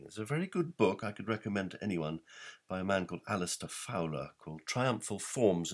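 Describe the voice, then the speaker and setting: Brief: male presenter, very low voice, emphatic explainer who asks rhetorical questions. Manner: emphatic, poses rhetorical questions, reads verse aloud. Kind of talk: explanatory talk.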